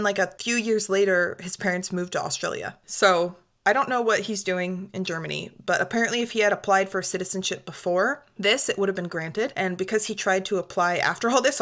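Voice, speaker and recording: A woman's voice: a little high, fairly bright tone. A young woman co-hosting a podcast, telling a crime story in a casual, chatty way, swearing and saying "like" a lot. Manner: chatty, swears, heavy use of "like". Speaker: podcast co-host.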